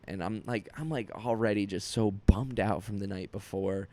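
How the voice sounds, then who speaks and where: A man's voice: lowish voice, moderate pace, hardly any pauses, dark tone. A young man, a comedian hosting his podcast, telling a rambling, self-deprecating story in casual chat with many restarts.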